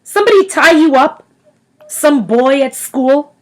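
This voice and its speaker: A wary young girl who presses urgently for answers and protects her little brother, as a woman reading aloud puts her on. Her voice sits high and bounces between notes. She sounds anxious and pleading. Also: expressive, measured pace.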